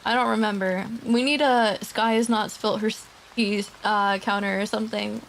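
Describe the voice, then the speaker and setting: Quiet gravelly-voiced woman streamer. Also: medium pitch, fairly even intonation, moderate pace, a little hiss or hum. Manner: soft-spoken, talking quietly; laughs often, swears casually. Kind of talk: casual livestream chat. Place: home streaming setup. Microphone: desk streaming mic.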